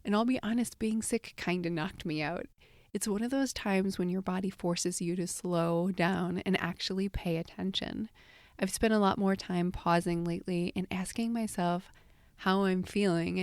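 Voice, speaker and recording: A woman hosting a solo podcast as a life coach, her voice slightly scratchy from a recent illness, speaking gently and reflectively to the listener as a friend. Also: fairly low pitch, no room sound, clean studio sound.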